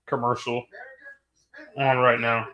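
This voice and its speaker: A man's voice: mid-range voice, flat delivery, takes it slowly, bright, forceful tone. Foul-mouthed young man reacting to football. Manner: profane, blunt, rambling. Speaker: fan reacting live to a football game. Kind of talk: casual live reaction commentary.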